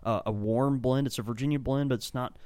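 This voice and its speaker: A man's voice: mid-range voice, steady tone, brisk, dark tone, clear, resonant tone, no echo. A man co-hosting a casual podcast from a tobacco shop, talking enthusiastically and rambling through descriptions. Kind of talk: casual chat.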